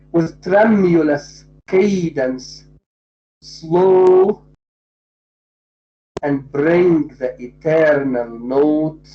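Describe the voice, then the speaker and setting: Lecturer, very slow and methodical, poetry class, dull lo-fi sound. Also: mid-range voice, warm tone. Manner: slow, deliberate, repeats and spells out points. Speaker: literature lecturer. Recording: dull lo-fi recording.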